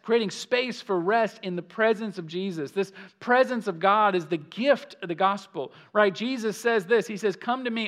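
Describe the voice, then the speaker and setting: A man with a notably high-pitched voice delivers a sermon. He tells the story with animated urgency and then pulls back into hushed, tender passages. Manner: animated storytelling, swings between loud urgency and soft intimacy. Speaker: pastor.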